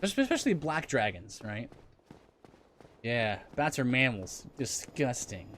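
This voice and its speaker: A man's voice: medium pitch, very animated, unhurried, a bit bright, slight background noise. A man streaming a game, chatting casually with viewers in a rambling way, often restarting his sentences. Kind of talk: casual gameplay commentary.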